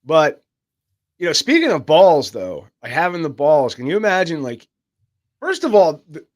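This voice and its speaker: A man's voice: a little high, huge pitch swings, moderate pace. A man co-hosting a podcast in casual, joking banter, swearing freely. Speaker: podcast co-host.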